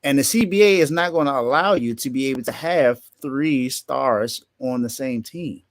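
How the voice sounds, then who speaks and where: A man arguing a point on a casual sports podcast, insistent and incredulous. He repeats himself often, in a mid-pitched voice. The recording is dry. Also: normal speed, dry recording.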